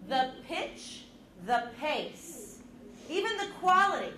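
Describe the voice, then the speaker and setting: A woman leading a middle-school drama lesson, coaching students with energetic, encouraging instructions. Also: high-pitched, slow, slight background noise. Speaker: drama teacher. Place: school classroom. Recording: echoey classroom with students around.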